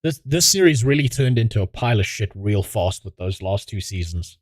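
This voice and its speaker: A man's voice: fairly low pitch, animated, brisk, no echo. A man streaming and reacting to videos in casual commentary, swearing heavily and mocking himself. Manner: crude, heavy swearing, self-mocking.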